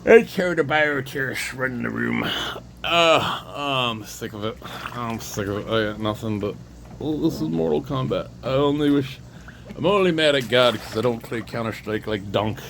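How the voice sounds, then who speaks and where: A man talking alone in a meandering monologue, drifting between thoughts and breaking in with sudden loud interjections. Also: mid-range voice, animated, normal speed, creaky, a little hiss or hum. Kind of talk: rambling solo monologue.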